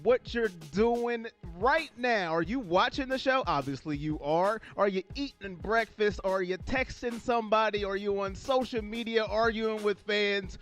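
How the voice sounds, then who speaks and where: A man's voice: high-pitched, a little slow, few pauses, a bit bright, faint music behind. A man hosting a livestream sports fan show, chatting and reading viewer comments aloud, telling the story dramatically.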